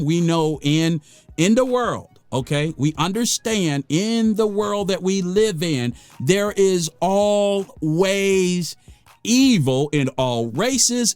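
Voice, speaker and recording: An American man talks straight to the camera in a fired-up, preachy monologue, his high voice leaping all over the place. He hammers points home by repeating phrases. The sound is dry and close, with faint music underneath. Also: no room sound. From United States. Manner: gets worked up, then calms himself. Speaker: vlogger.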